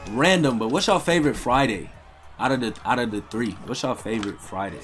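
A young man giving loud, slangy live commentary while playing a fighting game, trash-talking his opponent and swearing often. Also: medium pitch, brisk, soft background music. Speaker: gaming streamer.

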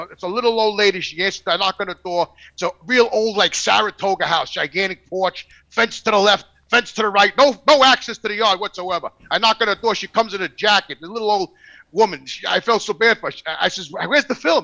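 New guy, bright tense voice, swearing nonstop as he acts out the story. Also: high voice, muffled recording. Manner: animated, swears constantly, acts out quotes. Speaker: podcast guest telling a story. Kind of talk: profane storytelling, casual chat.

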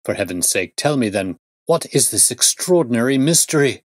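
A man's voice: medium pitch, lively intonation, moderate pace, dry recording, voice pushed up, natural voice. Man playing anguished middle-aged banker, pleading, exclaiming, dry close recording. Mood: alarmed.

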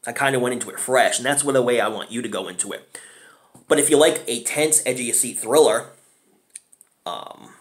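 A man giving a casual, rambling film review, chatty and often clearing his throat. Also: medium pitch, moderate pace, long pauses. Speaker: movie reviewer.

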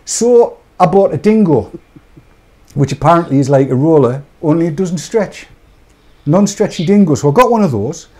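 A man's voice: fairly high pitch, expressive, moderate pace, a little mellow. A man hosting a live show, chatting and joking off the cuff as he rambles through products. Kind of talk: casual live-stream chat.

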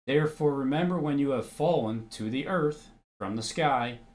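A man's voice: medium pitch, normal speed, darkish tone. A man giving casual religious commentary, blunt and argumentative, who swears freely and reads scripture aloud.

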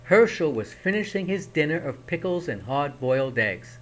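A man reading a picture book aloud in a slow, expressive storytelling manner. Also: on the high side. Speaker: reader.

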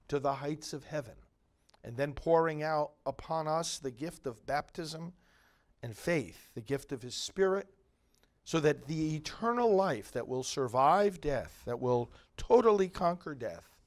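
A middle-aged male priest reading scripture and preaching a homily in slow, measured, solemn phrases. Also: on the high side.

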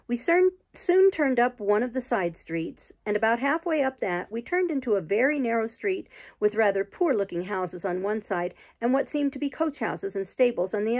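A woman reading a classic novel aloud in slow, measured storybook narration. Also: medium pitch, darkish tone. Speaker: audiobook reader.

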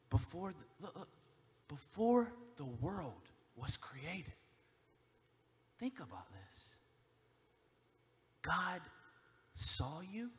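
A man preaching a sermon as a pastor, moving between hushed, intimate passages and loud, driving emphasis, speaking from a church stage. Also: a little high, long reverb tail. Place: church sanctuary.

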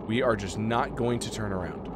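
A young man streaming a horror game, muttering to himself and yelling in fright. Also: lowish voice, normal speed, noisy background. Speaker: gaming streamer. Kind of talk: horror game playthrough commentary.

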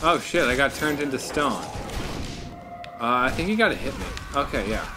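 A man co-hosting a let's-play video, excitable and profane, often exclaiming as he plays. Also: mid-range voice, moderate pace, over music. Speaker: co-host gamer. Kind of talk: casual let's-play banter.

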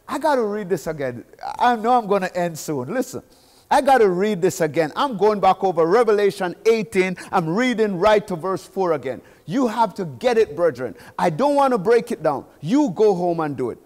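Urgent high-voiced preacher in an echoing hall. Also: male voice, big pitch swings, moderate pace. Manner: urgent, swings from soft to loud declaiming. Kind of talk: sermon. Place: church sanctuary.

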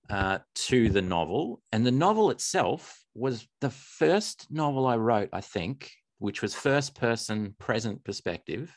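A man's voice: fairly low pitch, dry recording, clean studio sound. An Australian man, an author being interviewed, who talks in a rambling, self-deprecating way. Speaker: author and musician guest. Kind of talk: casual interview chat.

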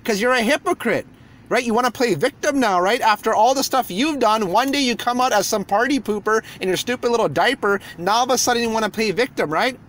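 A man's voice: extremely high pitch, fairly quick, fairly bright tone, slight background noise. A man on his YouTube channel, ranting heatedly and hurling insults from a parked car. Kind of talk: angry rant video.

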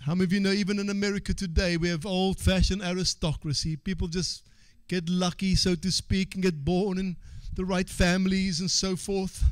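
A man preaching with a high, lifting voice, calling out for amens and repeating his key phrases. He drops to quiet asides, then climbs into shouted exhortation. The sound is dry and close. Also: flat delivery, a little fast, hardly any pauses, no echo. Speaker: pastor. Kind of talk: sermon.

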